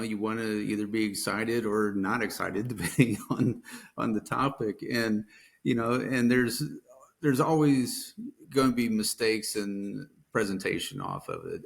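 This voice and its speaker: A man's voice: fairly low pitch, vocal fry. A man hosting a podcast interview, asking rambling questions full of restarts and "you know.". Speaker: podcast host. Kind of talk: conversational interview.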